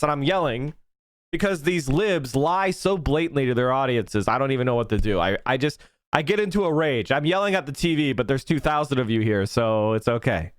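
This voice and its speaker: A male political commentator from Pennsylvania ranting on a live stream, heated and profane, often breaking into shouts. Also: medium pitch, lively intonation, brisk, no echo, studio quality.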